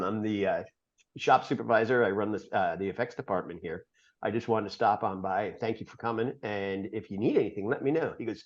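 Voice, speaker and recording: A man guest on a podcast telling a rambling story in a casual way, full of "uh"s and quick laughs. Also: lowish voice, animated, highs cut off. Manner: rambling, filler-heavy, laughs often mid-story.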